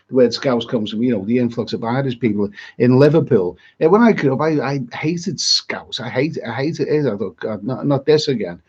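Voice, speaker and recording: A husky-voiced man rambles through a live stream, chatting with his viewers. He repeats himself and restarts his words. The stream audio is dull and lo-fi. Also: mid-range voice, darkish tone. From Britain. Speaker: travel vlogger hosting a live chat. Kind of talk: live-stream chat, reading viewer comments.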